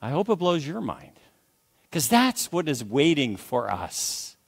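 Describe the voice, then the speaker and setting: A man's voice: on the high side, wildly swooping pitch, unhurried, creaky, slightly rough. An older man preaching a sermon as pastor, emphatic, repeating phrases and calling for amens.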